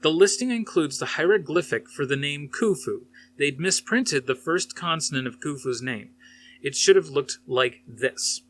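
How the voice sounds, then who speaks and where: A man's voice: fairly high pitch, expressive, moderate pace, a bit bright, voice pushed up. A man reading aloud, voicing a combative male scholar who lectures with pointed sarcasm. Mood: sarcastic.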